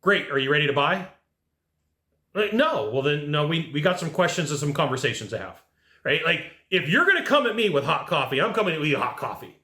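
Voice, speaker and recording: A man giving an energetic sales training talk, punchy and animated, acting out little exchanges with customers. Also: a little high, a little fast. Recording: echoey room.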